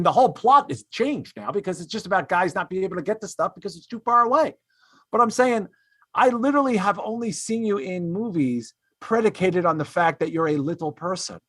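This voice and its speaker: A man's voice: high voice, fairly bright tone, no room sound, clean studio sound. A man hosting a casual comedy podcast, ranting in an exasperated way with lots of fillers and restarts. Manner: switches to mocking put-on voices when quoting others. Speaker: podcast host.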